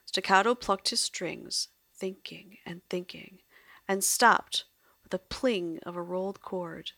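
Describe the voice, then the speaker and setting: Gravelly low-voiced woman narrator. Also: takes it slowly, a bit bright, dry recording. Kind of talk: audio drama narration.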